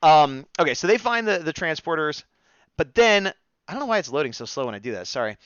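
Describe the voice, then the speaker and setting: A man's voice: fairly high pitch, sing-song, a little fast, a bit bright, smooth, dry recording, highs cut off. A man co-hosting a casual live-stream discussion, chatting, reading viewer comments aloud and laughing often. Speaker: co-host of a fan discussion stream.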